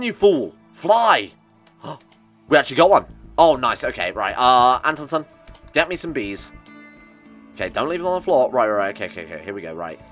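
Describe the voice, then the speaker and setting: A man's voice: medium pitch, bright, forceful tone. A man giving casual, joking commentary while he plays a video game, often annoyed and swearing. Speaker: gaming streamer.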